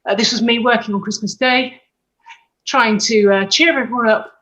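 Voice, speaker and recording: A woman's voice: a little high, fairly even intonation, normal speed, a bit bright, poor audio. A woman doctor giving an earnest conference presentation over a video call, correcting herself now and then. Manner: earnest, explanatory, with self-corrections.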